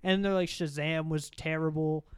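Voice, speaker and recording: A young man in casual podcast chat, rambling through a profane, animated story. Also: a little high, moderate pace, smooth.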